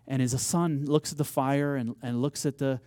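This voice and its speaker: A man's voice: mid-range voice, fairly even intonation, moderate pace, dark tone, no echo. A man preaching a sermon, telling a story with rising emphasis and acted-out quotes. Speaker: pastor.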